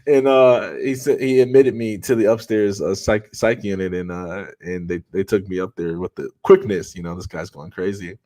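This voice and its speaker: A man's voice: sits low, steady tone, normal speed, hardly any pauses, dark tone. A man, a podcast guest, telling a personal story in an earnest, conversational way, with frequent restarts.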